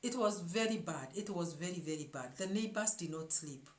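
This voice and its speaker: A woman's voice: on the low side, animated, moderate pace. A woman hosting her own show, telling a story to her viewers in an emphatic way and often repeating words as she searches for the next one. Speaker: show host. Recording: echoey room.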